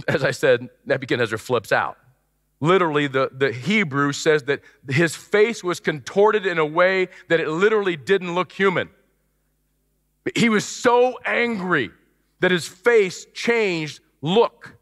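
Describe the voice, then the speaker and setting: A male pastor preaching a sermon in an animated way, acting out the voices he quotes, in a church auditorium. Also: fairly high pitch, unhurried. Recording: long church hall reverb.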